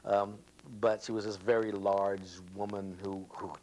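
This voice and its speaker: Low-voiced man telling relaxed anecdotes. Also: measured pace, slight background noise, poor audio. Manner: relaxed storyteller, chuckles, acts out voices. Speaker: interviewee, comedian. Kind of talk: casual anecdotal interview.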